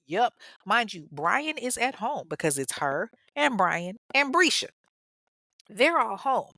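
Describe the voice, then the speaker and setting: A woman's voice: fairly high pitch, sing-song, takes it slowly, pushed and bright, dry recording, clean studio sound. Sassy woman telling a true-crime story. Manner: sassy, profane, humorous asides. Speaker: podcast host.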